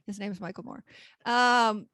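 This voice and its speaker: A woman's voice: medium pitch, normal speed, fairly bright tone, no room sound. A woman in her forties co-hosting a podcast in casual chat, frank and rambling, swearing freely. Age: 40s. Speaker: podcast co-host.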